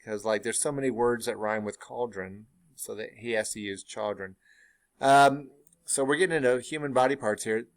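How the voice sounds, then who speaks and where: A man teaching a play, explaining it in a relaxed way with fillers and asides. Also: medium pitch, normal speed. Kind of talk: casual classroom explanation.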